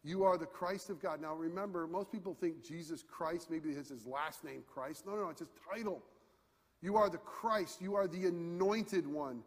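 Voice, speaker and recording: A man preaching a sermon in a conversational, animated way, swinging from quiet asides to near shouts. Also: on the high side, normal speed, few pauses. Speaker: pastor. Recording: long hall reverb.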